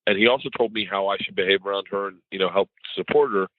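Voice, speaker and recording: A middle-aged man rambles through animated stories, speaking in a low voice as a comedian guest from home. The sound is thin and phone-like, with a close, dry feel. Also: fast talker, dry recording. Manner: rambling, animated storyteller who mimics others in conversation. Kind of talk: casual interview storytelling. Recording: tinny phone-like line.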